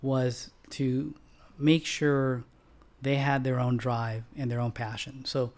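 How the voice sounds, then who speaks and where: Taking it slowly, a middle-aged man who founded a bank tells animated stories on a podcast in a casual style. Acting out quotes pushes him into sharp, high-pitched outbursts, and throat-clearing comes up often.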